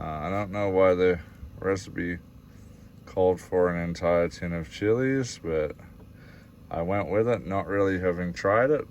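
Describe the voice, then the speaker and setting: A man's voice: sits low, a little hiss or hum. An Australian man from Australia casually vlogging his cooking inside a camper van, rambling along with lots of fillers and calling his viewers guys.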